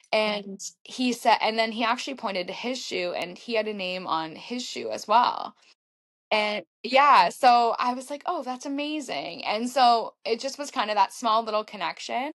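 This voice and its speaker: Animated woman in her thirties telling a story. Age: 30s. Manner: animated, acts out her own quotes with big pitch jumps. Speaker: podcast guest, marathon runner. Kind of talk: casual storytelling.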